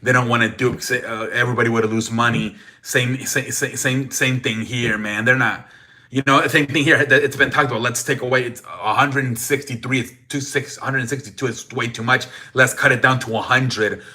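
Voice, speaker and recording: Bright-voiced man ranting about sports. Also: medium pitch, fairly even intonation, moderate pace. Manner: profane, rambling, frequent restarts and "man" tags. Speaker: sports show host. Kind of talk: casual sports rant.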